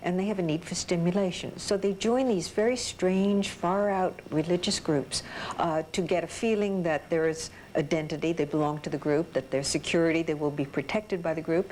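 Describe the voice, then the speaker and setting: Female psychologist guest, deliberate explainer, lower pitch, faint rumble. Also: a little mellow. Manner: slow, explanatory. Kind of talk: panel discussion. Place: TV studio.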